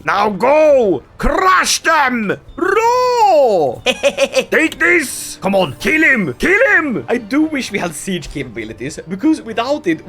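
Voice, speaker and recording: A man giving jokey gameplay commentary, now and then breaking into shouted battle cries and silly voices. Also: high-pitched. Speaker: gaming YouTuber.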